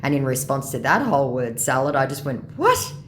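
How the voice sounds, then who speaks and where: A woman's voice: very deep voice, fast, a little hiss or hum. A woman casually recounting an online chat in a blunt, scornful and sarcastic way. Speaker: scambaiter narrating her chat. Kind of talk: casual storytelling narration.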